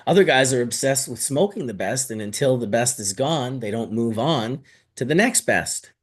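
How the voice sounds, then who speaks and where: Man, host, mid-pitched voice, playful, casual, rhetorical questions. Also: lively intonation, moderate pace. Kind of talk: casual chat.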